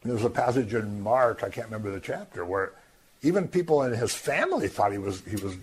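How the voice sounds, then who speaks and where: A man teaching from the Bible in a lively, conversational way, acting out the crowd's voices. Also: lowish voice, fairly quick, slightly rough. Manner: animated, acts out voices of the crowd. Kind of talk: scripture teaching.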